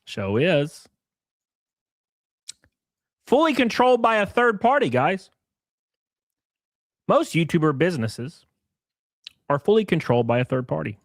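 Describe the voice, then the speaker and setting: A man's voice: on the high side, very animated, slow, long pauses, dry recording, clean studio sound. A man hosting a livestream, reading messages aloud with sarcastic, profane commentary. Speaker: streamer host.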